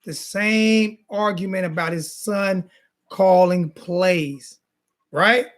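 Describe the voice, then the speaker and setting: High-voiced guy ranting hard on a sports show, keeps repeating himself and insulting folks. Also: slow. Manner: repetitive, insulting, fired-up ranting. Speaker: sports talk show host. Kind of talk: heated casual sports rant.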